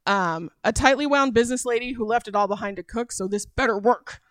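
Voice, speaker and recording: A woman's voice: on the high side, fairly quick, dry recording, clean studio sound. A woman guest on a podcast, chatting casually and agreeably, with many yeahs and ums. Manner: agreeable, frequent yeahs and ums, listing examples. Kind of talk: casual chat.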